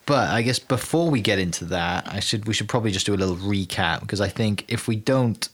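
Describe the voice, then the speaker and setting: A man hosting a podcast, talking in a relaxed, rambling way with fillers. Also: fairly low pitch, fairly quick. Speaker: podcast host. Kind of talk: casual chat.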